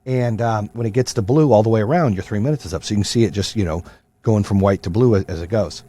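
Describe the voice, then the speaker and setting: A man's voice: lowish voice, fast talker, mellow, husky. A middle-aged man hosting his own podcast, ranting with heavy swearing in a fired-up motivational style. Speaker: podcast host. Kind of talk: profane motivational rant.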